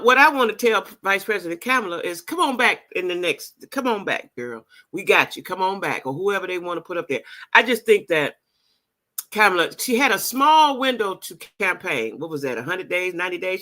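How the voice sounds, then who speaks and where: Middle-aged woman, casual vlog talk to camera, bright and forceful, emphatic and repetitive. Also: low voice, vocal fry. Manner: emphatic, repeats phrases for emphasis, talks straight to viewers. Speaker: vlogger.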